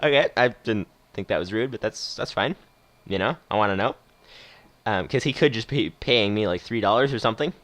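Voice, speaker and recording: A man's voice: on the low side, brisk, a bit bright, no room sound. A man casually commenting on a game he plays and reading its story aloud, chatty and rambling with frequent laughs. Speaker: game streamer.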